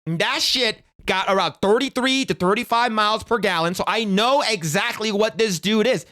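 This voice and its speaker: A man's voice: high voice, moderate pace, hardly any pauses, pushed and bright. A young man streaming, giving casual reaction commentary in a profane, rambling way with many restarts.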